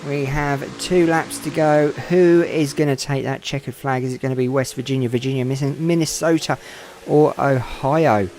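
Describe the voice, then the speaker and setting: A man commentates a computer car race in a casual, chatty way, talking to his viewers as he goes. His voice sits at a medium pitch and climbs when he gets excited. A faint hiss runs under the recording. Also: moderate pace, hardly any pauses. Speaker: sim racing commentator.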